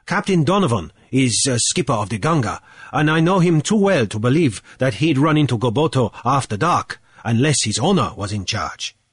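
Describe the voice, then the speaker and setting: A man reading the part of a calm man at a card table, reasoning out loud in a measured, deliberate way. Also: mid-range voice, breathy edge, no echo, studio quality.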